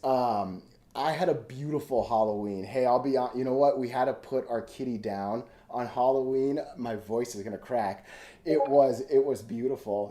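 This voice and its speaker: Mellow-voiced man chatting about charts. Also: medium pitch. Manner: rambling, chatty, thinks aloud with restarts. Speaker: stock chart analyst host. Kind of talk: casual live-stream market commentary. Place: home room.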